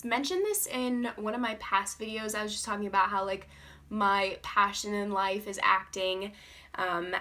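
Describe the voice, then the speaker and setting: A woman's voice: mid-range voice, pushed and bright. A young woman chatting in a casual beauty vlog, rambling with lots of fillers and frequent giggles. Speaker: beauty vlogger.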